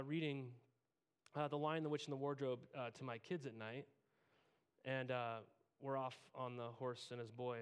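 A man in his thirties preaching a sermon as pastor, conversational and self-deprecating, acting out quoted lines. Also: on the high side.

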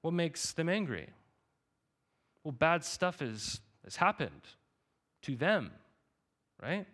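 A man's voice: on the high side, very animated, slow pace, a bit bright. A man in his thirties preaching a sermon as pastor, talking in a conversational way and often checking in with the congregation. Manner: conversational, repeats "right?" to the congregation.

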